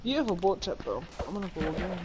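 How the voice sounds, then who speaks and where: A woman's voice: on the low side, sing-song, quick pace, a little mellow, soft background music, rough recording. A woman chatting on a gaming stream, teasing and exasperated with her co-host. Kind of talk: casual gaming chat. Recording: background noise.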